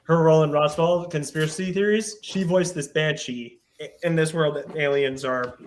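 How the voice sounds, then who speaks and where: A man's voice: on the high side, normal speed, a little hiss or hum. A man chatting casually as a guest on a podcast, rambling and searching aloud for names. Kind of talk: casual chat.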